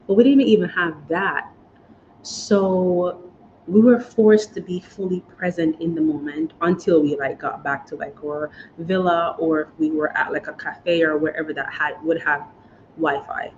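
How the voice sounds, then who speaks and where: A woman vlogger from the United States talks slowly in a low, darkish voice with fairly even intonation. She is chatty and emotional, often saying "y'all" and "guys." The sound is dull and lo-fi with faint noise.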